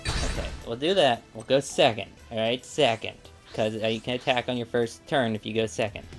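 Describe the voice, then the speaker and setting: A man's voice: medium pitch, moderate pace, soft background music. Rambling man commenting on gameplay. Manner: rambling, chatty, many fillers. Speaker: let's play gamer.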